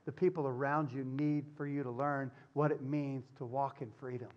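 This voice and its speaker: A man preaching a sermon as pastor, swinging from loud urgency to hushed tenderness. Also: mid-range voice, fairly even intonation, moderate pace, highs cut off.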